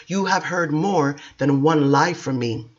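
An ancient vampire elder, worn down and bitter, pours out his grievances in a self-pitying rant, as a man reads him. The voice sits fairly high for a man. The audiobook has a dull, lo-fi sound. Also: unhurried. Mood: scornful. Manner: railing, self-pitying and defensive. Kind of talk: audiobook character reading.

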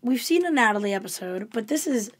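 A woman's voice: on the high side, expressive, a crowd in the background. A woman co-hosting a podcast in casual chat, eagerly chiming in with agreement and praise. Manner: eager, chimes in with quick agreement and gushing praise. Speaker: podcast co-host.

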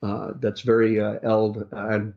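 A man's voice: on the low side, monotone, unhurried, gravelly. A man working as a rideshare driver, telling stories in an interview in a rambling way, with many restarts and fillers. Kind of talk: casual storytelling in an interview. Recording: dull lo-fi sound.

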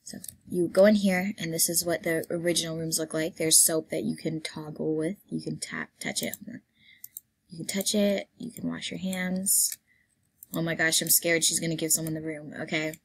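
Hoarse, husky woman chatting through gameplay. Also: sits low, steady tone, moderate pace. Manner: chatty, playful, rambling with fillers. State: hoarse, keeps clearing throat. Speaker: gameplay vlogger. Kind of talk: casual gameplay commentary.

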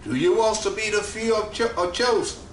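Preacher man, slow and emphatic, bright voice bouncing around a big echoey room, mic kinda far off. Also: sits high, slight background noise. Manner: slow, emphatic preaching with rising and falling cadence. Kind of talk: sermon. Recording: echoey room, mic at a distance, faint ambience.

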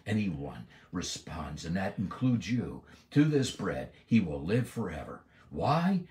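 A man giving a Bible lesson, stressing key words emphatically and drawing out scripture phrases slowly. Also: low voice, darkish tone. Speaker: Bible teacher.

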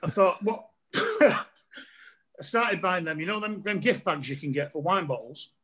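A middle-aged man spins comic anecdotes in a casual podcast chat. His voice sits a touch high, and he breaks into laughter and mimics other people as he goes. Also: lively intonation, normal speed, bright, forceful tone. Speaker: comedian guest.

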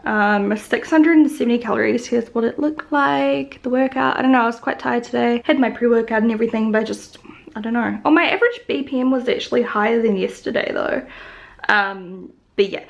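A woman's voice: a little high, gravelly. A woman in her twenties with a New Zealand accent, rambling casually through a home vlog with lots of fillers and the odd whispered aside. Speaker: vlogger. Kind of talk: casual daily vlog chat.

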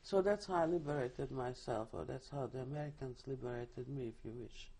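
An older woman speaks in a mellow, husky tone. She tells her story vividly, often restarting her sentences, as in a recorded oral history interview. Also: a bass voice, fairly quick. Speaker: Holocaust survivor giving testimony.

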